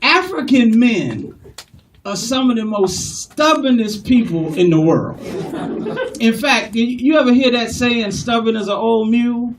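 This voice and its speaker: A male comedian doing a stand-up set and acting out customer phone calls in an animated way. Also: very high-pitched, measured pace, a little hiss or hum. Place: comedy club stage. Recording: distant live club recording with loud crowd.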